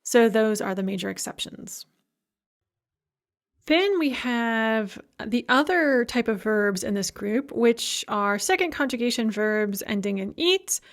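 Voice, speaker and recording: Woman, language lecturer, slightly high voice, patient explanations, light humor. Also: animated. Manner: explains patiently, slowing down to pronounce example words. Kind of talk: recorded grammar lecture.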